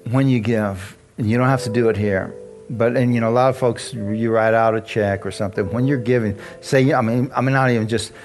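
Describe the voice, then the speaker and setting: A man's voice: mid-range voice, fairly quick, music in the background. Chatty storytelling preacher man. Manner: chatty storytelling preacher, laughs often, animated asides. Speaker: pastor. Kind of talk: sermon.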